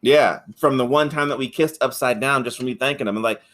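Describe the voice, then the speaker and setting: A rambling, foul-mouthed man in a casual podcast chat. He talks at an ordinary pitch, tells the story in loose stretches and keeps acting out the lines of the people he describes. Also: fast, fairly bright tone. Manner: rambling, swears a lot, acts out quotes. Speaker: podcast co-host reviewing a film.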